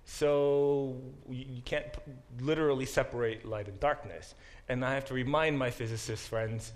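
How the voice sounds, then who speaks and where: A man teaching a Bible class as a professor, thinking aloud with restarts and slowing down to sound out Hebrew words. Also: medium pitch, fairly even intonation. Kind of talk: classroom lecture.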